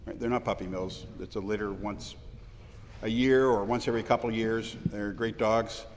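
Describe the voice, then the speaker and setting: A man speaking in a parliamentary debate, personal and anecdotal, with halting restarts. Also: on the low side, fairly even intonation, slight background noise. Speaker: legislator answering questions. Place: large legislative chamber. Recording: long reverb of a large hall.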